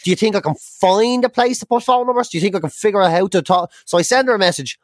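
A young man chatting on a podcast, ranting and swearing as he tells his stories. His voice sits high for a man. The sound is dry and close. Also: quick pace, no room sound. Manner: sweary, ranting, exasperated storytelling. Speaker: podcast co-host. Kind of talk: casual chat.

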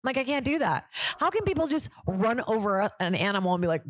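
A woman's voice: a little high, big pitch swings, fast, few pauses, no echo. A woman comedian hosting a casual podcast chat, rambling with lots of fillers, swearing and laughing often.

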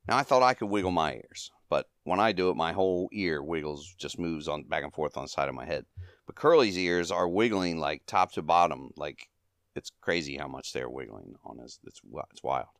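A man with a low, clear voice hosts a podcast and casually recaps a comedy short. He chuckles often as he retells the gags. The sound is dry and close. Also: expressive, normal speed, fairly bright tone, dry recording. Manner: chuckling often, acting out quoted lines.

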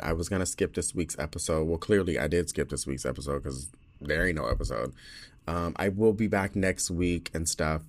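A man hosting his own podcast, talking casually and rambling with lots of fillers and laughs. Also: deep voice. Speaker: podcast host.

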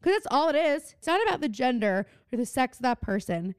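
A young woman chats through a show recap, full of "like" and swearing when she gets heated. Her voice sits a bit high and sounds smooth and clear. The recording is close and dry. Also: very animated, a little fast, no echo. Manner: chatty, says "like" a lot, gets worked up and swears. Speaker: podcast co-host. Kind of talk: casual recap chat.

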